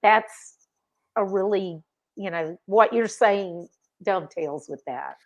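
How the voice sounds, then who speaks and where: A woman hosting an interview podcast in a relaxed, conversational style. She agrees readily with her guest and draws out the lesson for her audience. Her voice sits in the middle range for a woman. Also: medium pitch, slow pace, highs cut off. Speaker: podcast host. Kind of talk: casual interview chat.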